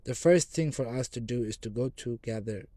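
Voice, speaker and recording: A man voicing an excitable, emphatic gentleman. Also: medium pitch, normal speed, no echo, natural voice. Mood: insistent. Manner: emphatic, rising to sudden loud declarations.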